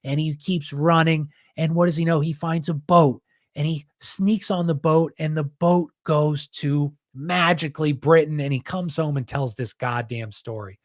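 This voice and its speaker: A man's voice: on the high side, fairly even intonation, a little slow, dry recording, studio quality. Heated rambling male podcaster. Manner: rambling, heated, says "dude". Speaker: podcast host. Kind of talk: casual podcast monologue.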